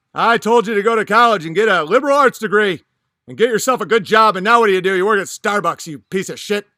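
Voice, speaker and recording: A man voicing a boastful, scornful baby-boomer father who lectures his grown son loudly and with contempt. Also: no room sound, clean studio sound.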